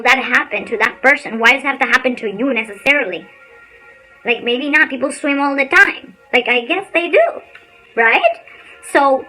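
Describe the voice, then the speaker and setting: A woman giving a casual motivational talk on a livestream, an animated storyteller who speaks bluntly and swears casually. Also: sits high, low-quality recording. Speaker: spiritual insights channel host.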